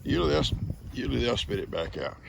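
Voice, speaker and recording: Older farmer with a gravelly voice. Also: male voice, medium pitch, very animated, fast talker. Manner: folksy, rambling, easygoing. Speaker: farmer vlogger. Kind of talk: casual farm vlog. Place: outdoors on a farm. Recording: loud outdoor noise.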